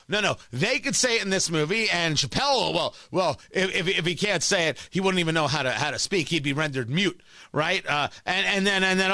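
A man's voice: high-pitched, animated, moderate pace, sharp tone, no echo. A man hosting a talk show, delivering an opinionated, emphatic monologue and often repeating words as he restarts a thought. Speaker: radio talk host.

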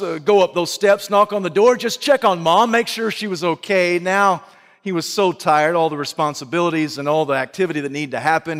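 High-voiced preacher in a reverberant hall. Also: male voice. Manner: swings from hushed to shouting. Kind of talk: sermon.

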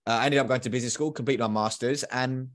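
A British man in his thirties, a guest on a podcast, telling his story in a lively, slangy way. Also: medium pitch, very fast. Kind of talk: casual storytelling in an interview.

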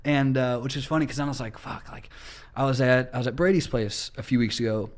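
A man's voice: mid-range voice, quick pace. Casual male podcast host telling stories. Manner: animated storyteller, acts out quotes, swears casually. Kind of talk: casual storytelling chat.

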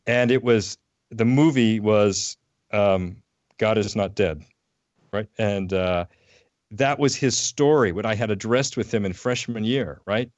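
A man's voice: fairly low pitch, a little slow, dry recording. A man, a teacher and podcast guest, telling a personal anecdote with hesitant fillers. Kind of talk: storytelling on a phone call.

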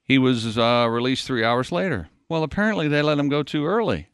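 A man's voice: mid-range voice, big pitch swings, fairly quick, fairly bright tone, clean tone, dry recording, clean studio sound. A man co-hosting a radio show, reading news items and teasing his co-host wryly. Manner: wry, teasing, reads news items aloud. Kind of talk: casual morning show banter.

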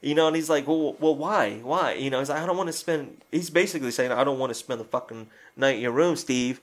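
In casual chat, a man with a medium-pitched voice talks fast as he retells a film scene by scene through quoted lines. His way of speaking is rambling and profane.

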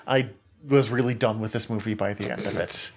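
A man's voice: on the low side, steady tone, a little fast, breathy edge. A man co-hosting a podcast, talking in an enthusiastic, opinionated and rambling way with plenty of fillers. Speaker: podcast co-host. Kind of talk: casual chat.

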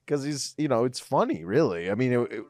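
A man's voice: mid-range voice, very animated, fairly quick, darkish tone. A young man, a comedian chatting casually on a podcast, joking and laughing often, with many restarts. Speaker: comedian guest.

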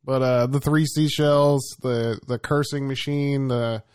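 A man hosting a casual podcast who laughs easily and keeps things relaxed while he is under the weather. His voice is of middle pitch and sounds dry and close, with no room around it. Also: measured pace, clean tone, no echo. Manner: laughs often, relaxed and chatty. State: sick. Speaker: podcast host. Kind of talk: casual movie chat.

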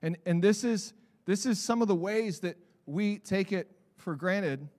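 A male pastor preaching to his congregation with a high, light voice. He swings between quiet, reflective asides and fired-up bursts, sometimes shouting a point home or mimicking people for effect. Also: measured pace, long reverb tail. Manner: animated preaching, builds to shouts, mock voices for examples. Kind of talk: sermon. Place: church sanctuary.

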